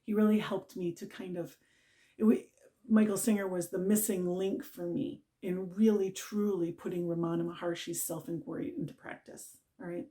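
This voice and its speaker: Speaking at a moderate pace in a lowish, steady and mellow voice, a middle-aged mantra teacher offers an earnest, informal spiritual talk. She repeats herself and often adds "right?" to check in with listeners.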